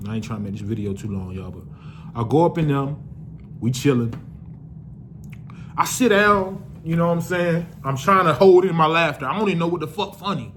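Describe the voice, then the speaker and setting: A man's voice: brisk, a little hiss or hum. Slangy young man telling a storytime. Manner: loose slangy storytelling, swears freely, talks straight to viewers; voice jumps up when excited, drops low when reflective. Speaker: vlogger. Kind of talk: casual storytime monologue.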